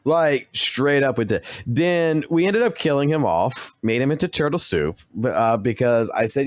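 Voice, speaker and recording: A man's voice: medium pitch, lively intonation, normal speed, hardly any pauses, no echo. A male streamer casually rambling through a story with constant swearing and restarts.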